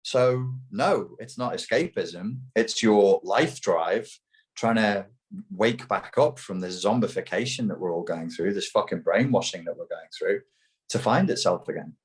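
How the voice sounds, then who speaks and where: A man appears as an interview guest, speaking emphatically and mockingly with plenty of swearing in heated, opinionated talk. His voice is lowish, expressive, and a little slow.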